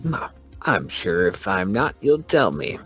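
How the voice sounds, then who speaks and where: A man's voice: deep voice, big pitch swings, a little slow, a bit bright, slightly rough, soft background music. A man playing a tabletop game, talking crudely and swearing freely. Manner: crude and profane. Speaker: player. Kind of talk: casual tabletop game play.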